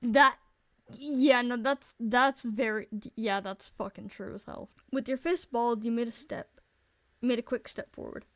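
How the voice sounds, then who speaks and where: A young woman streamer narrating a visual novel aloud, blunt and quick to swear. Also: a little high, steady tone, dry recording.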